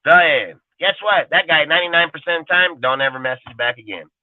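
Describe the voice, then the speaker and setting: A man's voice: fairly high pitch, fast, no echo. A man hosting a fan show, ranting aggressively and swearing nonstop in a heated way. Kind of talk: profane fan rant. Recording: tinny phone-like audio.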